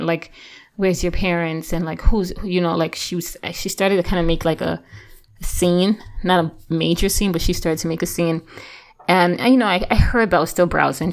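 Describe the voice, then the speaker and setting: In a casual devotional talk, this Christian teacher sounds earnest and encouraging, often using fillers and restarting her sentences. Her pitch is fairly low, with noticeable vocal fry.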